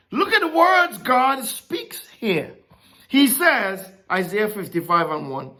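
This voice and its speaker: A woman preaching a sermon, teaching from scripture in a slow, emphatic way. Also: mid-range voice, animated, pushed and bright. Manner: emphatic, rising and dropping sharply, slow deliberate preaching.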